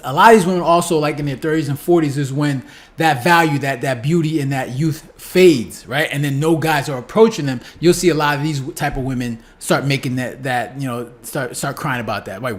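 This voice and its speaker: A man giving casual reaction commentary on a clip, stumbling over repeated words and tagging "right?" onto his points. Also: on the high side. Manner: repeats words, restarts, keeps asking "right?".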